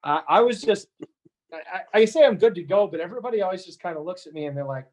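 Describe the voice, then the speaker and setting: A man's voice: high-pitched, expressive, quick pace. A man being interviewed, telling a story casually with frequent restarts and repeated words. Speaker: interview guest.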